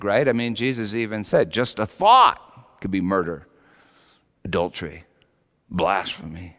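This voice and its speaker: A middle-aged man preaching a sermon dramatically, swinging between loud high peaks and quiet low passages. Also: expressive, unhurried, pauses often. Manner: dramatic, with big rises in pitch and volume. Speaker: pastor. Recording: long hall reverb.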